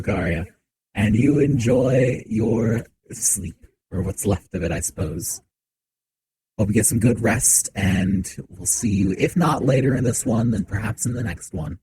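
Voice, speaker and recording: A man streaming a game from a home setup, chatting with viewers in a relaxed, joking way into a desk mic. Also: fairly low pitch, gravelly, rough recording. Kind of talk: casual game commentary. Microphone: desk mic on shock mount.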